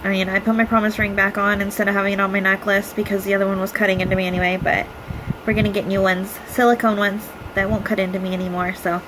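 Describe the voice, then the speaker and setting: A young woman talks straight to the camera in a personal video message, her voice halting and emotional as she fights back tears. Her pitch sits in an ordinary middle range, and she trails off into frequent pauses and fillers. A clear hum of air conditioning runs under the whole recording. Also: level tone. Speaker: vlogger.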